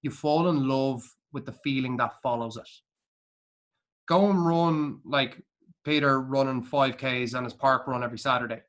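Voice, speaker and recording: A man's voice: mid-range voice, fairly even intonation, normal speed, fairly bright tone. An Irish man co-hosting a casual podcast chat, talking bluntly and intensely with heavy swearing. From Ireland. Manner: intense, motivational. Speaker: podcast co-host.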